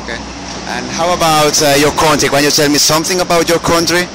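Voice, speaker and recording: A man interviewing people on the street, halting as he searches for words. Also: on the high side. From Catalonia. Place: outdoors on a busy street. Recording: street traffic noise behind.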